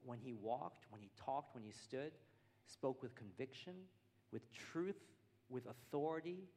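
An American pastor preaches earnestly in a church hall, building his points through repeated phrases, with long hall reverb on the recording. His voice is medium-pitched and dark in tone, unhurried, with lively intonation.

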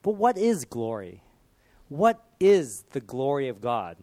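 A man preaching a sermon, building through emphatic rhetorical questions and dropping to quieter moments. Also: mid-range voice, sing-song, slow.

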